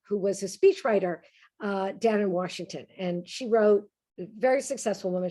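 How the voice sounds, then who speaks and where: A woman giving a humorous talk, conversational and lively, often checking in with the audience. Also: mid-range voice. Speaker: speaker on humor.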